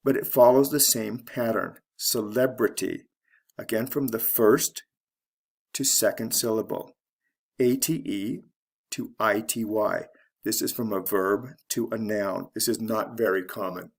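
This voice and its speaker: A man teaching an English pronunciation lesson, reading word pairs slowly and spelling out endings letter by letter. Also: fairly low pitch, steady tone, vocal fry, husky. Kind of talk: slow, deliberate pronunciation lesson.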